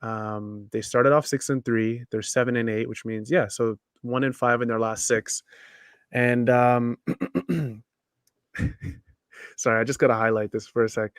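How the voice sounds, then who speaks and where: A man's voice: medium pitch, steady tone, measured pace, pauses often, smooth, dry recording, clean studio sound. A tired man co-hosting a live basketball show, chatting casually in a rambling, joking way. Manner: rambling, self-deprecating joking. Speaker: basketball podcast co-host. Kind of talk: casual live-stream chat.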